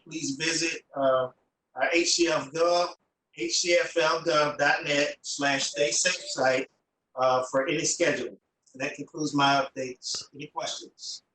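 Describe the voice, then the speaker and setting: A man's voice: on the high side, a bit bright. A man, a county official, giving updates to a meeting with some fillers. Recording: roomy, from far off, faint noise.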